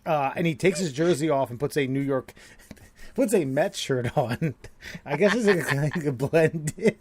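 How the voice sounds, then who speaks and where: A man's voice: fairly high pitch, expressive, unhurried, a little mellow. A man co-hosting a podcast, rambling with many restarts and laughing often in casual chat. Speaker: podcast co-host.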